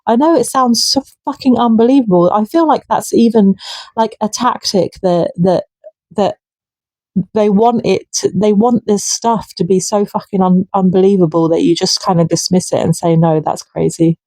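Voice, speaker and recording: A woman's voice: mid-range voice, steady tone, normal speed, a little mellow, dry recording. A woman ranting to camera, heated and indignant, swearing freely. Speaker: vlogger. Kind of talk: impassioned political rant.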